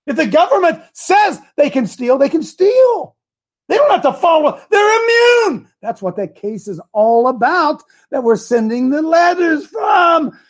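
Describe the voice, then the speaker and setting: A man giving a fiery political speech to a crowd, shouting rhetorical questions. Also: extremely high pitch, very animated, unhurried. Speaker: speaker addressing a crowd.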